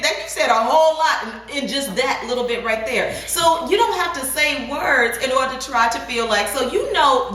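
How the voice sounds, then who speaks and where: Woman co-host, emphatic and animated, a little high, heard from a distance in an echoey room. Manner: animated, emphatic, interrupts playfully. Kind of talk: casual chat. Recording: echoey room, far from mic, faint noise.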